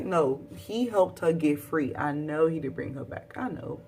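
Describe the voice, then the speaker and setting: A young woman, recapping a TV show in a casual, dramatic vlog with high exclaims. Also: lively intonation, normal speed, gravelly, mellow, distant mic, slight background noise. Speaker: vlogger.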